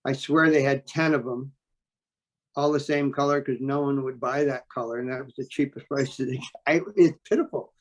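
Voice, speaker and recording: A man telling a story as an interview guest, talking in a blunt, animated way and swearing freely. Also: mid-range voice, moderate pace. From New York State. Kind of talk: casual storytelling.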